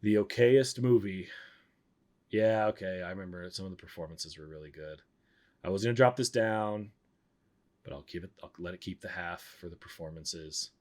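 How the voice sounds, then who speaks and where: A man's voice: low-pitched, brisk. A man streaming and chatting casually, rambling and blunt, often cutting himself off mid-sentence. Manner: blunt, rambling, self-interrupting. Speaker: streamer reviewing films. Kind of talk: casual chat.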